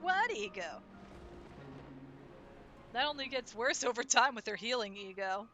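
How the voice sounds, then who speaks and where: A woman's voice: a little high, lively intonation, a little slow, pushed and bright, soft background music. A woman giving chatty, joking let's-play commentary while streaming a game, talking to her viewers.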